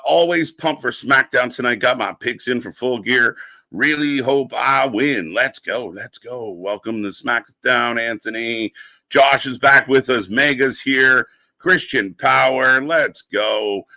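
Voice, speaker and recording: The young host of a wrestling watch-along stream talks at a slow pace, his medium-pitched voice pushed and bright, with no room sound. He upbeatly calls out chatters by name, firing off quick greetings.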